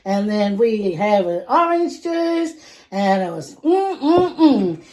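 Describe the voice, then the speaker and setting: A woman putting on a loud, squealing, over-the-top female persona to make her video entertaining. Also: very animated. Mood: hyped. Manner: shrill, drawn-out and hammy.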